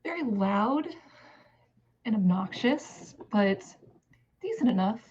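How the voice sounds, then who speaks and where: A wry, scholarly elf who weighs other peoples with dry detachment, voiced by a woman in a tabletop game. Her voice is mellow and warm, heard through a dull, lo-fi mic. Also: medium pitch, animated, slow pace, husky. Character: curious young elf scholar, half High Elf.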